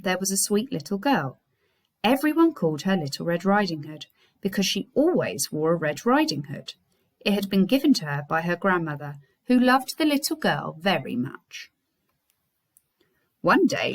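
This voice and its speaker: An English-accented primary school teacher reads a fairy tale aloud to her class, using an expressive storyteller's delivery. Her voice sits fairly low and she keeps a moderate pace.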